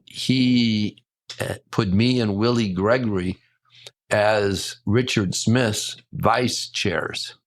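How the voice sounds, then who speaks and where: An older man, a hotel general manager, telling a story in a lively way and acting out the quotes. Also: low voice, no echo. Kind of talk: casual storytelling.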